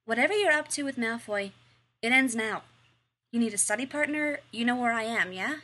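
A blunt young wizard, scolding and exasperated but fond underneath, as a woman reads him. The tone is bright and direct, with clipped, pointed phrasing. It sounds like a spoken storybook scene. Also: a little high, expressive, a little fast. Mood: insistent.

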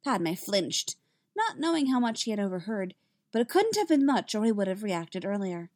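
A woman reading a story aloud in an even, unhurried narration. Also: medium pitch, no echo, clean studio sound. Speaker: reader. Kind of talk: reading fan fiction aloud.

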